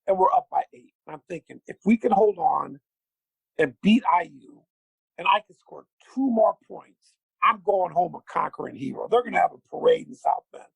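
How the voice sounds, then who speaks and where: A middle-aged man, a former basketball player, telling a long anecdote with lively acted-out quotes. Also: high-pitched, normal speed, creaky, slightly rough, dry recording, poor audio. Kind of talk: animated storytelling.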